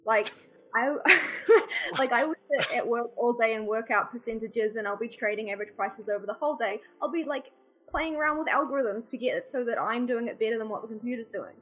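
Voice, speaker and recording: A woman's voice: on the high side, brisk, poor audio. A woman with a New Zealand accent, a guest chatting casually on a podcast, self-deprecating and full of "like" fillers. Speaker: guest streamer.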